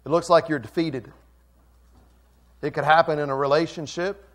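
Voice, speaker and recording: Preaching as a pastor, this man has a voice on the high side with a steady tone and normal speed. His delivery is emphatic: he shifts from soft asides to loud calls and repeats phrases for emphasis.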